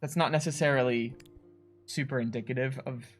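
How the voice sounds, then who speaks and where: A man's voice: mid-range voice, fairly quick, faint music behind. A man co-hosting a game studio livestream, chatting casually, laughing often and reading out viewer chat. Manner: chatty, laughs often, animated when mimicking players. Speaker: streamer co-host reading chat.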